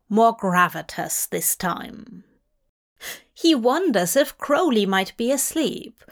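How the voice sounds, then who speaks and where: A woman reading a fanfiction story aloud in measured, gently wry scripted narration. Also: on the high side. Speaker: podfic reader.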